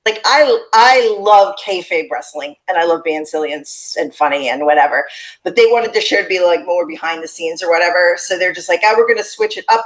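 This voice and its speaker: Animated woman telling stories on a call. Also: on the low side, poor audio. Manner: animated storytelling, acts out quotes. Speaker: podcast guest. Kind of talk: casual interview chat.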